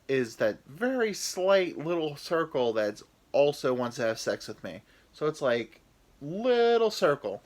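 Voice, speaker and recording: A man in his thirties rambling through a comic story on his own podcast, his pitch bouncing around with lots of expression. He's self-deprecating and anxious, stumbling over fillers and restarts as he goes. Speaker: podcast host.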